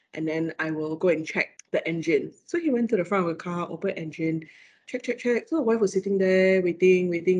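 A woman with a Malaysian English accent, a lecturer telling a ghost story in casual chat, animated and full of fillers and laughs. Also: mid-range voice, breathy edge. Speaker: lecturer, guest.

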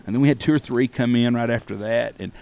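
Gravelly man telling a cussing story. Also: mid-range voice, quick pace. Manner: profane, animated anecdote-telling. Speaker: podcast host. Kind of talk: casual storytelling.

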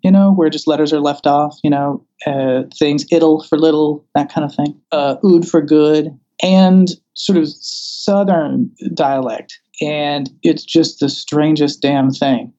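A man from the American South talks through his ideas in a relaxed, conversational interview. He has a mellow, dark voice and a wry, thoughtful way of speaking, full of restarts and fillers. The recording sounds muffled and dull. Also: fairly high pitch, takes it slowly, few pauses. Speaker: interviewed scholar.

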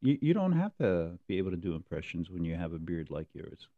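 A man with a low voice that swings widely in pitch teases his co-host in loose podcast banter. The sound is close and dry, with no room around it. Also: very animated, brisk, dry recording, phone-quality sound. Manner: teasing, jokey. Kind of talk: casual banter.

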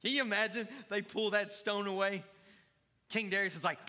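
In a church sanctuary with long reverb, a male pastor preaches fervently and calls out to his congregation. His voice sits high, at normal speed, with a sharp tone.

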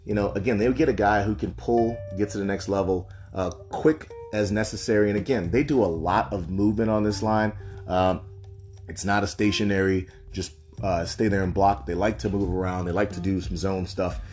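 A man's voice: fairly low pitch, fairly even intonation, a little fast, darkish tone, faint music behind. A man giving loose, conversational solo commentary on football draft picks, with frequent asides. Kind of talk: casual solo sports commentary.

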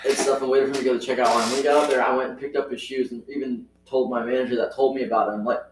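A man's voice: mid-range voice, level tone, very fast, background noise. A man chatting casually about his retail job, retelling stories animatedly and acting out the voices of the people involved. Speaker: retail store worker. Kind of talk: casual storytelling chat. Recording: echoey room, voice from far off the mic.

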